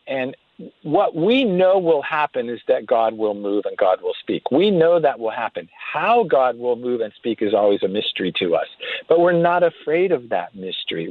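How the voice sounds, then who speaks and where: A man speaks earnestly over a tinny, phone-like line, and the sound is dry and close. His pitch sits in an ordinary middle range as he tells his story, often backing up to restart his sentences. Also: no room sound. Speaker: guest author. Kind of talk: radio interview storytelling.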